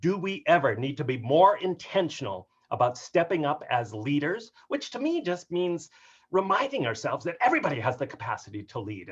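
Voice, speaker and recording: A playful man delivers a lively keynote full of puns and asides, his voice sitting a bit high for a man. The sound is dull and lo-fi, like audio from a video call at home. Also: breathy edge. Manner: animated, joking, punny. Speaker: keynote speaker on workplace humor. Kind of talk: upbeat webinar talk with jokes. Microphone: video call mic.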